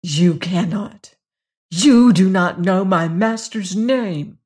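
A man's voice: high voice, slow pace, darkish tone. A narrator voicing a cringing, blackmailing male servant who pleads with tremulous eagerness and turns silky. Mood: pleading, angry. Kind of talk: audiobook character reading.

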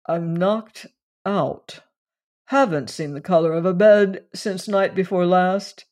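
A weary gentleman at his club speaks low but distinctly, never hurrying his words, as the narrator reads him. He sounds drained and puzzled, with a middling pitch. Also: takes it slowly, natural voice. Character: tired clubman telling a strange story, man. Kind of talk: audiobook reading of a story.

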